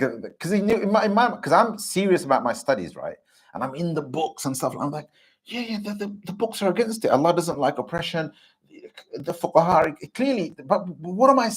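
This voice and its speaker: A man giving an earnest, impassioned religious talk to a gathering, often pausing to ask if listeners understand. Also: medium pitch, breathy edge. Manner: earnest, keeps asking "do you understand?". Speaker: Islamic teacher giving a talk.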